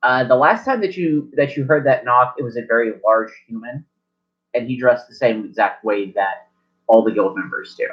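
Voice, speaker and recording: A man's voice: medium pitch, normal speed. Rambling man running a tabletop game. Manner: rambling, self-correcting. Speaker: game master. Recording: lo-fi recording.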